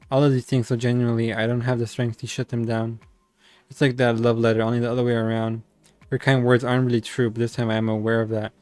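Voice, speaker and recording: Man calmly reading game narration. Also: medium pitch, clear, resonant tone, no echo. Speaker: visual novel reader. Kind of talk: reading inner-monologue narration.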